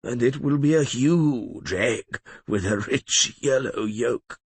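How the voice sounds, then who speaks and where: A man's voice: mid-range voice, slow pace, breathy edge, no echo. A man voicing a cunning, sickly male lawyer who sneers with cynical scorn, in an audiobook. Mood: scornful.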